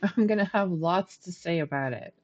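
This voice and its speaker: Woman streamer rambling through her game, low voice, kinda muffled stream audio. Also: normal speed, soft background music. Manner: chatty, thinking aloud, talking to chat. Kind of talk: live gameplay commentary.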